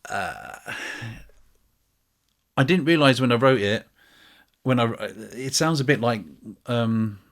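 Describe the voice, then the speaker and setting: A man's voice: medium pitch, a bit bright. A British man chatting casually to camera as a music vlogger, rambling and self-mocking, with many ums.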